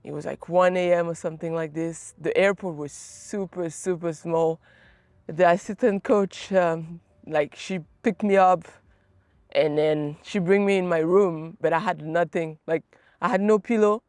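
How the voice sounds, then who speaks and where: A woman's voice: fairly low pitch, a little slow, no echo. A young woman from France with a French accent, telling a casual story with many "um"s and "like"s. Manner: relaxed, many fillers like "um" and "like". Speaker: vlogger, former college tennis player.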